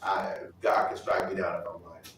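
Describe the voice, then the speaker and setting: A man sharing a personal testimony at a Bible study, telling his story in an animated way and acting out other people's voices. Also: sits low, moderate pace, heavy reverb, far from the mic, a little hiss or hum, low-quality recording. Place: church hall.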